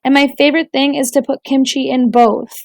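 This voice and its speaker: A bubbly, warm-hearted young woman customer chats in a raised, upbeat voice, as a woman reading a storybook puts her on. The delivery is cheerful and talkative. The sound is dry and close. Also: high-pitched, level tone, fairly quick, creaky, no room sound. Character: friendly young Korean American woman customer.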